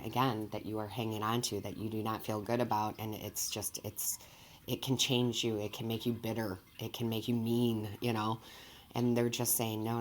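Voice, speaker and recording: A woman's voice: very deep voice, a little hiss or hum. A woman working as a medium, giving an earnest, emotional tarot reading to her viewers and often checking in with them. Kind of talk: direct-to-camera tarot reading.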